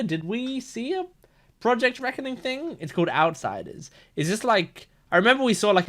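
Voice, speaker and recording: Rambling man reacting to game trailers. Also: high-pitched. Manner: rambling, filler-heavy, excitable. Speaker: reaction channel host. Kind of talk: casual reaction commentary.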